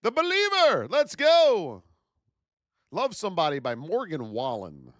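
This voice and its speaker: Male trading-stream host, 30s, very high, wildly swinging delivery, bone-dry close mic, big hype energy. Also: huge pitch swings, a little slow, no echo. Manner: hyped-up, shouts out viewers' names; calls viewers "my beauties". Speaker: trading educator and livestream host.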